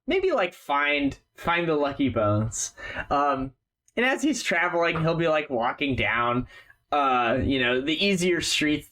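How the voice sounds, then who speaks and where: A man runs a tabletop game, filling his narration with "like" and "uh". His voice moves lively up and down in pitch as he describes scenes. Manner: rambling, many fillers. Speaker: game master.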